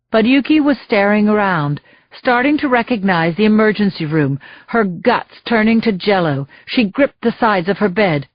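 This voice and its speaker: A woman reading a thriller audiobook in measured, scripted narration. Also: mid-range voice, animated, dry recording, highs cut off.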